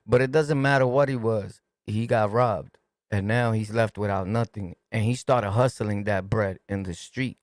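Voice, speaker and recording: Speaking slowly in a lowish, steady voice, this New York City host delivers casual commentary to his livestream chat. His New York accent comes with a streetwise, emphatic, repetitive style, recorded at studio quality with no echo.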